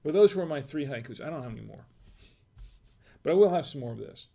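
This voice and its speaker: A talkative man hosts a casual livestream. His voice sits somewhat high for a man. He reads chat messages aloud and keeps tossing questions back to his viewers. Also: expressive, quick pace, vocal fry, warm tone. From United States. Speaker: wine review livestream host.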